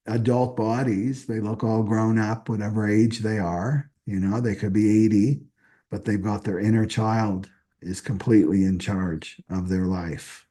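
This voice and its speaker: A man talks through a live astrology reading in a loose, conversational way, circling back on his points and tagging many of them with "right?". His voice sits a little low and has a soft, mellow tone. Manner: chatty, repeats himself, often asks "right?". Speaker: astrology reader.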